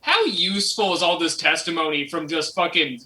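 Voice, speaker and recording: A man's voice: a little high, moderate pace, bright, forceful tone, recorded from a distance. A man co-hosting a podcast in casual chat, cracking jokes and laughing. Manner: wisecracking, laughing. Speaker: podcast co-host. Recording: voice set back from the mic.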